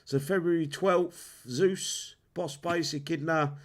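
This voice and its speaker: A man with a fairly high, steady voice speaks slowly while hosting a live stream. He rants heatedly about a game, swearing a lot, restarting often and repeating himself in a casual rant.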